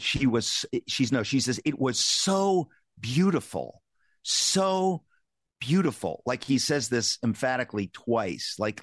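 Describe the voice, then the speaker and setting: A man hosting a talk show, telling a personal story in an earnest, emphatic way with many halting restarts. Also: mid-range voice, no echo, studio quality. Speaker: host.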